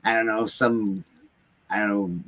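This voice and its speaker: A man's voice: lowish voice, fairly even intonation, a little slow, fairly bright tone, dry recording. A man in a casual podcast chat who chimes in with his own memories in a laid-back way and laughs easily.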